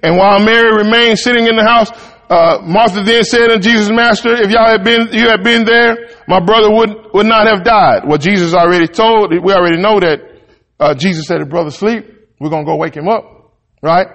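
A male preacher works through a scripture passage, reading it out and then stepping aside to explain it in relaxed, homespun talk. His voice sits high, and the room carries a long, ringing reverb. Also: fairly quick. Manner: conversational, reads verses then riffs in folksy Southern-style talk.

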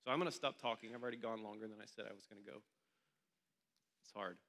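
A man's voice: on the low side, fairly even intonation, fast, a bit bright, long reverb tail. A male pastor telling a story during a sermon in a church meeting room, in a loose, conversational way.

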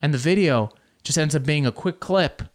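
A male stand-up comedian telling a story with animated bursts of mock outrage. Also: fairly high pitch, normal speed.

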